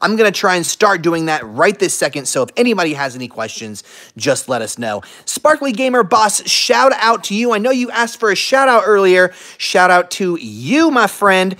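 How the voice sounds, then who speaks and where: Playful livestream host with a lively voice. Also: mid-range voice, moderate pace. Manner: playful, talks to the dogs in baby talk. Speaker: live stream host. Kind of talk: casual livestream chat. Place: at home with dogs.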